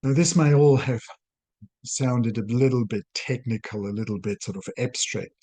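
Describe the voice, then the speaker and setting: Husky man explaining in measured phrases. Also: medium pitch, dark tone. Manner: measured, halting delivery in short phrases with self-corrections. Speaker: clinical psychologist. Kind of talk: explanatory talk to camera.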